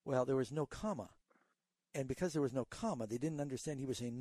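A man's voice: mid-range voice, fast talker, warm tone, no room sound. A man hosting a call-in Bible radio show, earnestly explaining scripture to callers in a teaching way. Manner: earnest, teaching tone with a storytelling aside.

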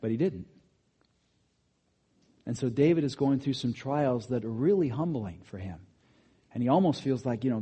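A man preaching a sermon, swinging between loud, emphatic bursts and quiet asides. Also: medium pitch, breathy edge. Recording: long hall reverb.

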